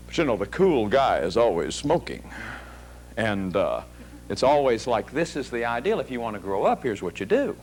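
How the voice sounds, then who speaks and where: A man's voice: mid-range voice, slight background noise. A middle-aged man giving a televised psychology lecture to a studio audience, telling stories and acting out quoted voices. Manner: animated, storytelling, acts out quoted voices.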